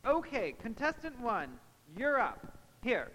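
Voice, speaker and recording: A man hosting a church stage skit, playful and excitable. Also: very high voice, slow, in a large hall, low-quality recording. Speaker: skit host.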